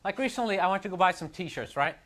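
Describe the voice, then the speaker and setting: In a live club recording with crowd laughter and slight background noise, a man does stand-up on stage before an audience. His high-pitched, a bit bright voice moves quickly with lively intonation, and his self-deprecating, exasperated talk is full of "like" and "you know."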